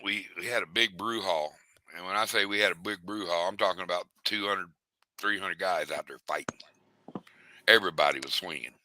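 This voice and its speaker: A man's voice: sits low, brisk, sharp tone, slight background noise, rough recording. A middle-aged man, rambling through stories in casual chat. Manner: rambling, drawling storyteller.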